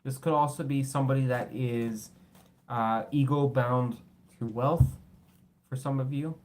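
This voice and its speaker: A man's voice: mid-range voice, fairly even intonation, unhurried. A man doing a casual tarot reading, blunt and swearing freely, tired, with his voice cracking. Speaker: tarot reader.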